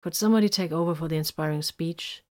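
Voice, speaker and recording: Lady reading tired sarcastic warrior guy, low and dry, audiobook style. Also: quick pace, natural voice. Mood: weary. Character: weary, sardonic male space marine brother.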